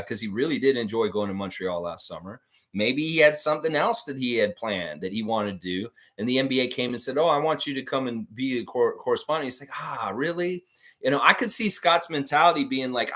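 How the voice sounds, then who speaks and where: A man's voice: mid-range voice, a bit bright. A man hosting a casual fan livestream, ranting freely and swearing as he talks. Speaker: basketball livestream host.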